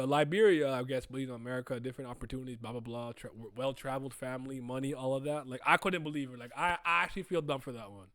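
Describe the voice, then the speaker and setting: A man hosting a casual manga reading reaction, excitable, laughing often and breaking into loud trash talk. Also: medium pitch, quick pace, hardly any pauses, no echo, clean studio sound.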